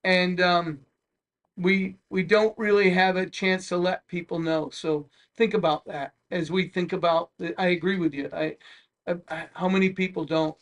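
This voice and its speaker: A middle-aged man with a fairly high voice holds the floor at a civic meeting. He rambles and circles back with many restarts and folksy asides, as a mayor talking things through. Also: fairly even intonation, moderate pace. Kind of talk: public meeting remarks.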